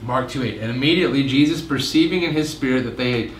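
Conversational male pastor in an echoey room. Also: fast. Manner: conversational, jokes and asides, acts out quotes with rising pitch. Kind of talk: casual midweek teaching. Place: meeting room. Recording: roomy echo, faint room noise.

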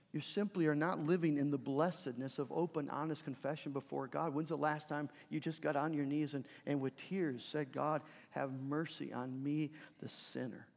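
A man preaching a sermon as a pastor, earnest, swinging between forceful passages and hushed ones. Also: on the high side, creaky. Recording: long reverb of a large hall.

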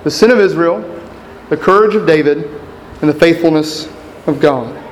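Measured man preaching a sermon. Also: fairly high pitch, slight background noise, low-quality recording. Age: around 30. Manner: measured, deliberate preaching with repeated outline points. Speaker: pastor.

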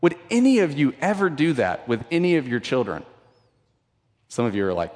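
A man in his thirties preaching a sermon as pastor, conversational, repeating words, moving between intense emphasis and hushed asides. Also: medium pitch, big pitch swings, a little slow, long pauses, long reverb tail.

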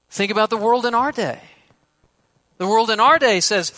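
A man preaching an expository sermon, emphatic and shifting between loud stresses and hushed words. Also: high-pitched, lively intonation, normal speed.

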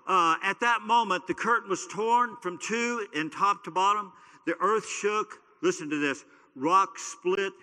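A man's voice: fairly high pitch, sharp tone. A man preaching as a pastor, teaching in a loose, conversational way with stories and frequent fillers. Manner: conversational, storytelling, many fillers. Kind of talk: casual sermon teaching. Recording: long hall reverb.

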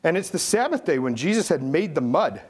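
A man delivers a sermon before a congregation, with his voice sitting somewhat high for a man. His pitch leaps and dips constantly as he retells the stories and puts on quick voices for their characters. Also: husky. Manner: animated storytelling, acting out voices with big pitch swings. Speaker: pastor.

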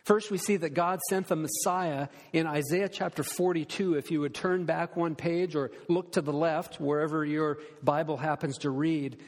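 A man preaching a sermon as pastor, earnest and slowing down to stress key words. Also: a little high, fairly even intonation. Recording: long reverb of a church hall.

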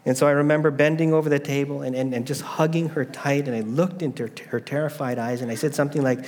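A man's voice: medium pitch, steady tone, fast, few pauses, darkish tone, big-room sound. A middle-aged man preaching a sermon, telling a family story with rhetorical questions. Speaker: pastor.

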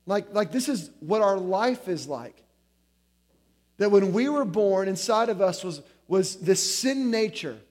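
Guy preaching a sermon, kinda high voice, chatty, says like a lot, tells stories. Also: a little slow. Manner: conversational, many "like" fillers, animated storytelling. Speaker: guest preacher.

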